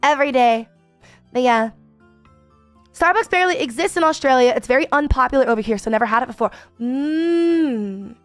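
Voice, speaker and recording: A woman's voice: sits high, animated, moderate pace, no room sound, faint music behind. A woman streaming a casual chat, rambling with many fillers and reading viewer messages aloud.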